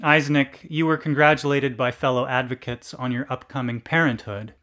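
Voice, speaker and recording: A man reading a literary story aloud in a deliberate, deadpan narration. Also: mid-range voice.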